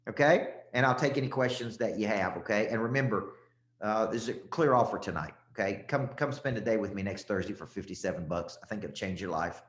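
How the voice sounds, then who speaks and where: Guy coaching sales live, punchy and emphatic, middle-aged, roomy echo. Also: on the low side. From Tennessee. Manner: emphatic, punchy, frequent "okay?" check-ins. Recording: echoey room.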